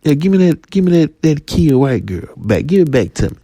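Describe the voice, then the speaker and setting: A man's voice: on the high side, sing-song, a little fast, mellow, breathy edge, no room sound, studio quality, voice pushed up, full character voice. A man voicing a pushy male drug dealer who repeats his demands in a raised, insistent voice. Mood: demanding.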